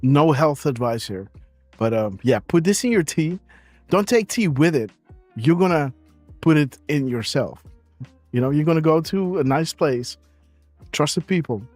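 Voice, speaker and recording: A man's voice: on the high side, animated, measured pace, long pauses, a little mellow, no room sound, faint music behind. A man hosting a live stream, chatting casually in a rambling way, with many fillers and frequent laughs. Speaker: show host.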